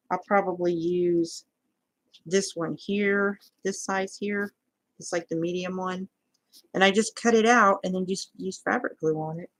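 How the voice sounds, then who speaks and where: A woman's voice: medium pitch, low-quality recording. A woman vlogging a crochet tutorial in a casual, rambling way, talking to her viewers as she hunts for her supplies. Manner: chatty, scattered, talks to viewers while searching.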